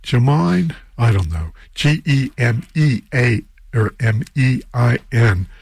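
Rambling husky-voiced male radio DJ. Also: medium pitch, lively intonation, slow, a little mellow, dry recording. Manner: rambling, unsure, self-deprecating asides. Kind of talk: casual radio show talk.

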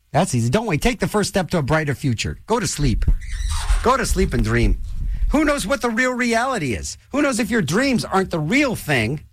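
An older man hosting a radio show, rambling and joking in a loose, animated way in a studio. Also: dry recording. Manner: animated, rambling, jokey, restless pitch swings. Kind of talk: rambling radio host chat.

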